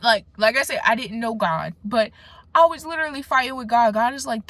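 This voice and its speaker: Animated young woman giving a testimony. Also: fairly quick, dry recording. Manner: emphatic, conversational, with slangy asides and restarts; swings between animated bursts and hushed, low moments. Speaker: faith vlogger. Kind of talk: casual spoken testimony.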